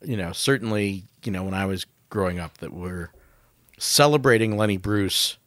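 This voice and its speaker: A man acting as fact checker in a casual podcast chat, measured and analytical. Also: deep voice, fairly bright tone, dry recording, studio quality.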